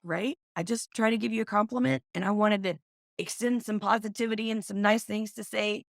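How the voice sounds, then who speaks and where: A middle-aged woman from Oklahoma, a business owner guest, chatting casually and telling lively stories. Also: mid-range voice, a little fast, gravelly, no echo, clean studio sound. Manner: lively storyteller, animated in quoted speech. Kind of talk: casual interview chat.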